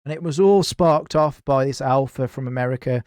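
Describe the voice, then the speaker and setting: A man's voice: mid-range voice, moderate pace, clear, resonant tone, no room sound, studio quality. A man, a podcast guest telling a heated story in casual chat, swearing a lot and acting out what others said. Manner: animated, heavy swearing, acts out others' lines. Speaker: podcast guest, gaming clan founder.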